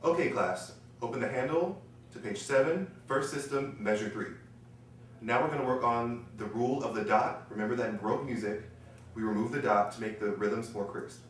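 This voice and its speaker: A man's voice: mid-range voice, normal speed, slight background noise. A man from Florida, playing a choir director, explains a rhythm rule and then analyses his own teaching. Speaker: music education student playing a choir director. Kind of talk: role-played choir rehearsal with analysis. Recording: echoey room, voice from far off, faint ambience.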